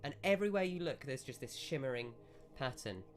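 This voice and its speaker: A man's voice: medium pitch, expressive, a little fast. A man narrating a tabletop role-playing game as game master, with rambling, self-correcting descriptions.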